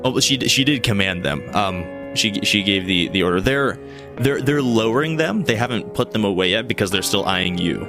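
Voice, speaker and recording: A game master with a very low voice, narrating a tabletop game. He restarts his phrases often, and faint music plays behind him. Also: expressive, moderate pace.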